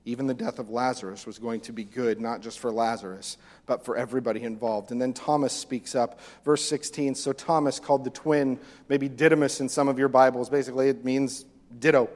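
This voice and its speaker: A man preaching a sermon as pastor, animated, acting out voices from the text. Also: mid-range voice, brisk, hardly any pauses. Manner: animated, acts out the disciples' lines. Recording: long reverb of a hall.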